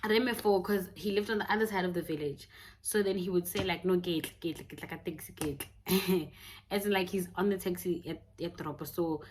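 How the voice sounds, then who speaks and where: A woman's voice: lowish voice, darkish tone, a little hiss or hum. A young South African woman telling a personal story in a candid, casual way, laughing often. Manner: candid, mixing in Setswana phrases, laughing often. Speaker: YouTuber.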